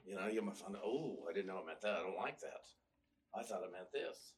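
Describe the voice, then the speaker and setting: A man's voice: sits low, a little fast, distant mic, slight background noise. A male minister giving a casual, storytelling sermon with wry humor, often restarting his sentences. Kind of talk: conversational sermon. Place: church.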